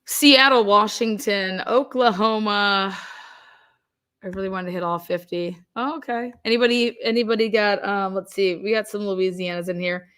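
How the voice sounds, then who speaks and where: A young woman hosting a casual livestream, chatting and reacting quickly as she reads out where viewers are from. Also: medium pitch, fairly even intonation, fairly bright tone, clean tone. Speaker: livestream host.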